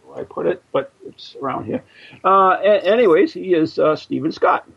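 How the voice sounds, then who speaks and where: A man's voice: high-pitched, lively intonation, moderate pace, creaky, slightly rough, lo-fi sound. An American man hosting a radio show, joking and rambling with plenty of fillers and restarts. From United States. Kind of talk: casual radio show chat.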